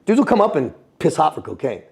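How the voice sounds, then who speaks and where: An American man in a casual interview, telling military stories in an animated, profane way, laughing often and calling the listener dude. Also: on the high side, quick pace, vocal fry, breathy edge. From United States. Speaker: guest, former Navy SEAL and Foreign Legionnaire.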